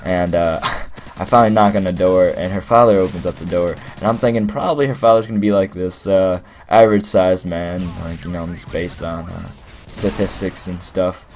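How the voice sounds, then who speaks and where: A man's voice: low voice, steady tone, fairly quick, a little mellow, slight background noise. A young man telling a rambling, playful story as casual gameplay commentary, full of fillers. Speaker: gaming commentator.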